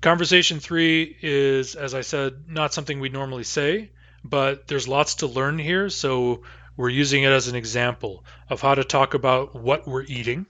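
A man teaching a language class, explaining grammar patiently and answering student questions, with frequent hesitations and slow, careful repetition of example sentences. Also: medium pitch, fairly even intonation, bright, forceful tone, no echo, highs cut off.

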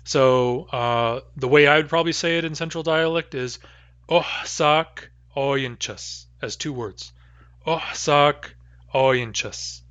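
A man teaching a language class, explaining grammar patiently and answering student questions, with frequent hesitations and slow, careful repetition of example sentences. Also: mid-range voice, fairly bright tone, no room sound, muffled recording.

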